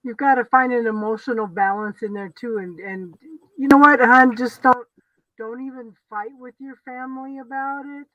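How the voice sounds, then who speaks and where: Woman, tarot reader, soft and reassuring, dry muffled line. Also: fairly high pitch, fairly even intonation, moderate pace, dry recording. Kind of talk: live tarot reading.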